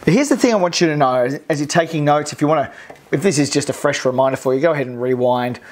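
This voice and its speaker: An Australian presenter delivering a recorded online course lesson. The delivery is energetic and repetitive, hammering key phrases and acting out crowd cheers to make a point. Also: medium pitch, fast talker.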